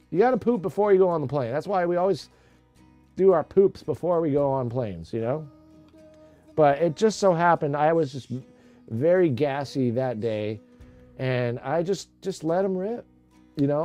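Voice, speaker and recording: Middle-aged male streamer, slightly high voice, crude rambling humor, faint music behind. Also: lively intonation, unhurried, warm tone. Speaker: livestream host. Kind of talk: casual livestream chat.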